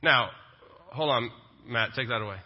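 In a church sanctuary, a male pastor preaches a sermon conversationally, dropping in joking asides. His voice is mid-range and his pace moderate. The recording sounds dull and lo-fi, with long reverb.

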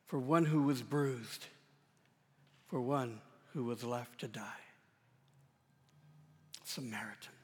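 A man in his forties preaching a sermon as a pastor, telling a personal story in a conversational, self-deprecating way and swinging between loud and hushed delivery. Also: mid-range voice. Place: church sanctuary. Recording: long reverb of a church hall.

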